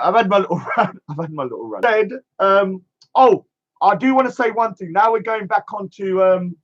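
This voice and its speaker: A man with a notably high voice rants in a scornful, emphatic monologue, hammering the same catchphrase over and over. The sound is dull and lo-fi. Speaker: streamer. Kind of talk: ranting monologue.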